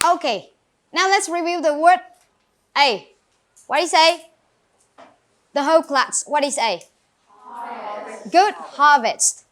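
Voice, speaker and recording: A woman with a Vietnamese accent leads an English class, her voice high and bright in pitch. She calls on students by name, drills new words and encourages them clearly. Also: takes it slowly, pauses often. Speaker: English teacher. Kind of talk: classroom grammar lesson.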